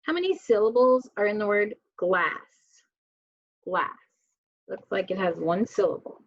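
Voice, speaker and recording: A woman teaching a slow spelling lesson, sounding out words and letters one at a time. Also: medium pitch, dry recording. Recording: dull, dry lo-fi recording.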